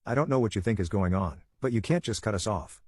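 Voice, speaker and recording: Man reading angry middle-aged dad, scoffing, dismissive, husky, dry sound. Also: on the low side, expressive, fast, a little mellow, no echo. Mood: scornful. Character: angry guilt-tripping middle-aged father.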